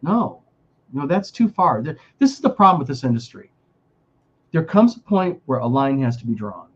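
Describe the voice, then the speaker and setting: A man's voice: mid-range voice, sing-song, normal speed, slightly rough. Man with dull lo-fi sound, chatting. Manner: repetitive restarts, emphatic. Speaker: podcast co-host. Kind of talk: casual chat.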